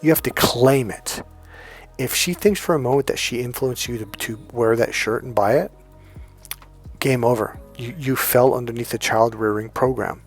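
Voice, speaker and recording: A middle-aged man talks at an ordinary mid pitch, blunt and emphatic, spiking his dating advice with curses and quick anecdotes. Soft music sits faintly behind him. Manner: profane, emphatic, storytelling. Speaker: dating coach.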